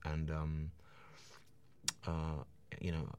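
A man in his forties, a stand-up comedian guesting on a radio chat, talking enthusiastically with halting restarts. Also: a bass voice, flat delivery, clear, resonant tone.

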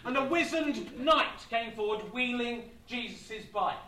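High-voiced stand-up comic. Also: male voice, unhurried, slight background noise. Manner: deadpan, absurd storytelling with asides. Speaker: stand-up comedian. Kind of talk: live stand-up storytelling. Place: comedy venue with live audience. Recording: echoey club, distant mic, audience.

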